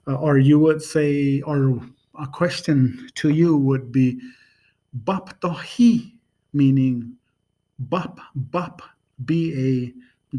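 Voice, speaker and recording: Slow, halting man giving a language lesson. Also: medium pitch, mellow. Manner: slow, halting, many ums, repeats sounds patiently. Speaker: language teacher. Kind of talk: casual home video lesson.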